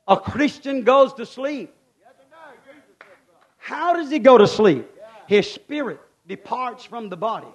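A male preacher delivering a fervent sermon in a voice high for a man. He drops to a hush, then climbs to shouted peaks. He talks in a folksy way and keeps asking the congregation questions. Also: sing-song, measured pace, long pauses. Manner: fervent, swings from hushed to shouting.

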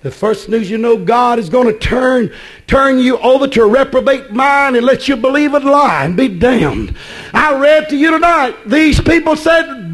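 A man preaching a fiery sermon, often shouting with a preaching cadence. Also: very high voice, big pitch swings, measured pace, rough recording.

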